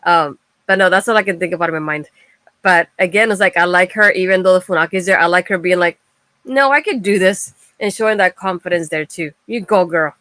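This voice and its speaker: A woman's voice: lowish voice, fast, pushed and bright, dry recording. Giggly woman co-host, dry sound. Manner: giggly, enthusiastic, quotes her own reactions. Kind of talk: casual wrestling recap chat.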